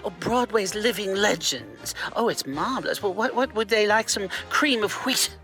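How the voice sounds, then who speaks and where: A woman's voice: mid-range voice, animated, normal speed, fairly bright tone, natural voice. A woman voicing a doting older showbiz mother in a comic ad, theatrical and drawling over music. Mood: grand. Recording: music playing behind.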